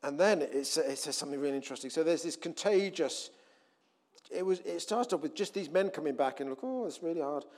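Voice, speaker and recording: A man preaching a sermon in a conversational way, often restarting, swinging between loud emphasis and quiet asides. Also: fairly high pitch, animated, fairly quick.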